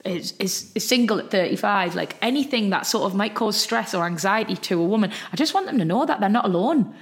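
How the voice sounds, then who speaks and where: A woman with a Geordie accent, chatting as an author guest in a casual interview, quick and full of "like". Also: mid-range voice, lively intonation.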